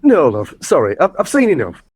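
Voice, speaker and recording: Dismissive amateur director, very animated pitch, husky, comedy sitcom. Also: male voice, a little fast, exaggerated voice. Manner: brusque, dismissive. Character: bossy middle-aged man directing a village nativity. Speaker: show director. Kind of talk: comedy radio sitcom acting.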